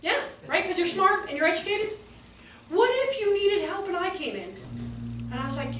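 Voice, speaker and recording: A woman in her forties, a behavior trainer giving a lively, sassy workshop talk to childcare staff and acting out the children's voices. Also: very high-pitched, moderate pace. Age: 40s. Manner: lively, sassy storytelling, acts out kids' voices. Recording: echoey room, distant mic, faint noise.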